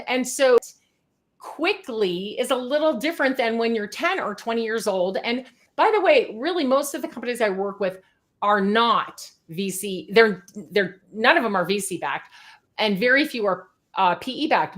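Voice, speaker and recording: A middle-aged sales consultant appears as a guest on a podcast interview. Her slightly high voice carries quick energy as she talks fast, hammers her points home, and keeps tossing in "right?" to check in with the listener.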